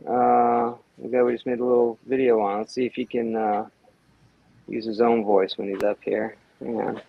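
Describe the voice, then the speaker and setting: Gravelly laid-back male stream host. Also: mid-range voice, little pitch movement, moderate pace, no room sound, dull audio. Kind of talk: casual live-stream chat.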